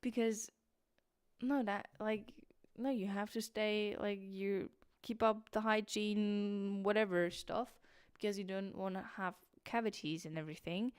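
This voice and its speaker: A woman's voice: medium pitch, fairly even intonation, unhurried, clean tone, no room sound, clean studio sound. Sleepy rambling woman with British-tinged English. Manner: rambling, restarts, many fillers. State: sleepy, tired. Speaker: streamer. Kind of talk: casual late-night livestream chat.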